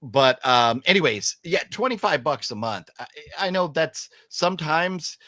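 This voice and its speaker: A man's voice: a little high, animated, unhurried, pushed and bright, no echo, clean studio sound. A man hosting a casual movie chat, opinionated and emphatic, rambling with restarts. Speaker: podcast host.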